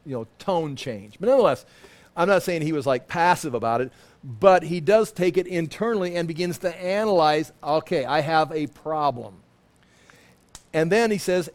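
A man's voice: fairly high pitch, moderate pace. A man preaching a sermon, teaching through a scripture passage and acting out what people in it say. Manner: animated, acts out quoted lines. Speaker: pastor.

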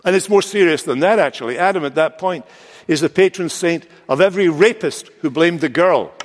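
A male pastor preaching a sermon with expressive delivery, slowing down and lifting his voice for quoted lines. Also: a little high. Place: large church sanctuary. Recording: long church reverb.

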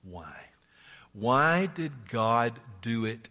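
A man preaching a sermon in a bright, forceful voice that rings out in a reverberant hall. He swings from loud, high exclamations to hushed, near-whispered asides and laughs often as he talks. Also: very animated, extremely slow. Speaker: pastor.

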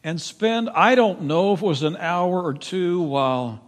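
A man preaching a sermon in a church, emphatic, swinging from loud pleading to hushed, quiet tones. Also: high voice, a little slow. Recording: long reverb of a large hall.

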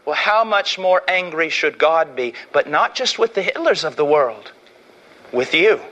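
A man preaching an impassioned sermon, swinging from loud declarations to hushed, slow warnings. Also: on the high side, big pitch swings, highs cut off. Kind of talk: fiery sermon.

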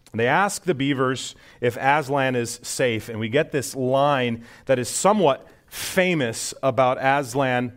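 A man preaching a sermon in an earnest teaching manner, rising sharply on emphatic points. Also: mid-range voice. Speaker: pastor.

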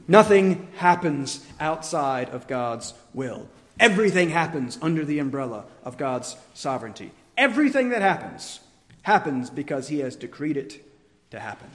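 A man preaching a sermon in an earnest, emphatic way, slowing down and pausing for weight. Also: fairly high pitch, big-room sound. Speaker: pastor.

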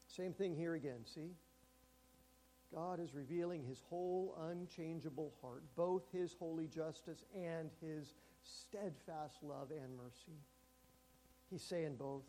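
A man preaching a sermon in a church. He speaks emphatically and slows down and drops to a hush on key words. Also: fairly high pitch, slight background noise. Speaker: pastor.

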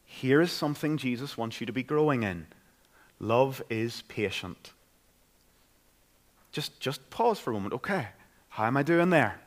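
A man's voice: mid-range voice, expressive, a little fast. A man with a Northern Irish accent preaching a sermon in a church, in an earnest, conversational way. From Northern Ireland. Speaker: pastor.

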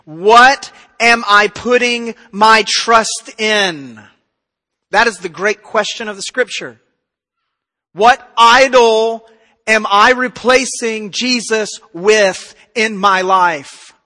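A pastor preaching a sermon with passion, moving between loud emphasis and quiet intensity. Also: male voice, high voice, slow. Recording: reverberant hall.

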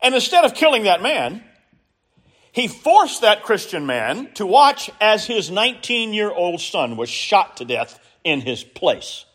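Lively-voiced male preacher. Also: high voice, husky. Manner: earnest, measured storytelling with emphatic rises. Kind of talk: sermon.

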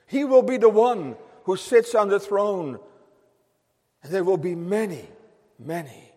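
A man with a notably high voice delivers an emphatic sermon to his congregation. He repeats phrases for weight, and his words ring out with a long reverb in the church hall. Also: measured pace, darkish tone. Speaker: pastor.

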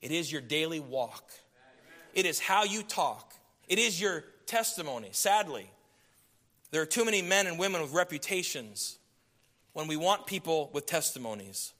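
A middle-aged man preaching a sermon, swinging from loud emphasis down to hushed, intimate tones. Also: fairly high pitch, animated, moderate pace.

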